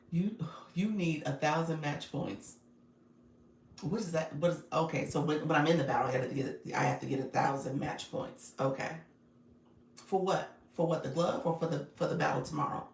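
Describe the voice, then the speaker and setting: A woman's voice: sits low, moderate pace, creaky, long pauses, roomy sound, distant mic, a little hiss or hum. A woman coaching viewers on a casual livestream. She is chatty, laughs often and speaks straight to her audience.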